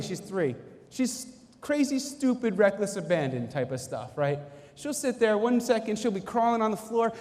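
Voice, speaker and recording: A man giving an animated, preacher-like motivational speech at a conference, with dramatic pauses. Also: very high-pitched, big-room sound. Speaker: company executive giving a keynote talk. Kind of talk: motivational faith-based speech. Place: conference hall.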